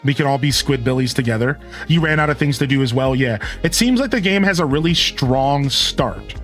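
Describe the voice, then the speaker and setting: A man's voice: mid-range voice, lively intonation, fairly quick, fairly bright tone, faint music behind. A man streaming live, chatting in a rambling, casual way and answering his chat.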